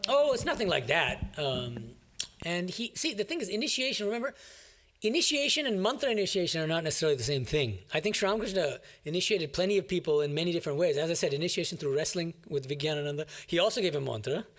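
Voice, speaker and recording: A man's voice: a little high, lively intonation, fast talker, a bit bright. A man, a monk, giving an emphatic, explanatory commentary on a scripture reading to a class.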